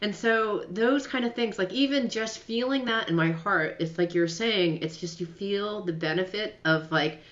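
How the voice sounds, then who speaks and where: A woman's voice: mid-range voice, normal speed, few pauses, a bit bright. A woman hosting a radio show, interviewing a guest in an effusive, emotional way and laughing while she talks. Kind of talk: interview, casual chat. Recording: roomy, slightly dull sound.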